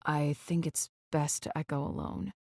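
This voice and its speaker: Woman voicing a soft-spoken young rock star. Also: deep voice, flat delivery, measured pace, no room sound, studio quality, pitched below the performer's own voice. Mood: tender. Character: young male rock star, tender and guarded. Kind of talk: audiobook character voice.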